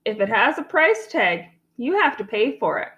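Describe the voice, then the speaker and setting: A woman's voice: fairly high pitch, very animated, moderate pace, fairly bright tone, dull audio. A woman voicing an insistent male cashier in a storybook reading. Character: pushy male store cashier.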